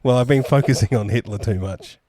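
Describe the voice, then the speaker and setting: A man's voice: mid-range voice, fairly quick, dark tone, dry recording, clean studio sound. A man co-hosting a podcast, trading crude, mocking jokes. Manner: mocking, insulting. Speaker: podcast co-host. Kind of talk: crude comedic banter.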